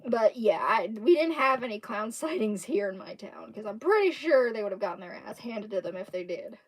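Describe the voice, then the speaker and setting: A young woman with a Southern accent chats with her live-stream viewers, rambling from one thought to the next. Her voice sits a little high, and she keeps breaking into giggles. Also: lively intonation, a little fast. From Kentucky, USA. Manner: giggly, rambling, laughs often. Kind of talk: casual chat with stream viewers.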